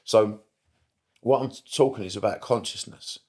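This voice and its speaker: A middle-aged British man, appearing as a therapist guest on a casual podcast, talks animatedly, swearing often and repeating himself for emphasis. His voice is fairly low and his pace is normal.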